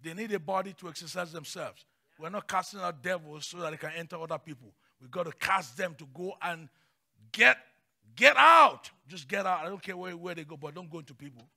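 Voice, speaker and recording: A man preaching a sermon as pastor, passionate, swinging between hushed lines and shouts. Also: a little high, fast, creaky.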